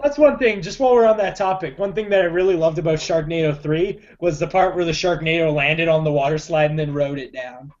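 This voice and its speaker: A man co-hosting a podcast in casual chat, excitable and quick to exclaim. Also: fairly high pitch. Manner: excitable, exclaiming, laughs often. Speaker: podcast co-host. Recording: dull lo-fi recording.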